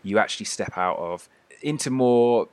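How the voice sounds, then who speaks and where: A man's voice: fairly low pitch, animated, normal speed, a little mellow. A man hosting and narrating a tabletop game as game master, describing scenes at length with many fillers.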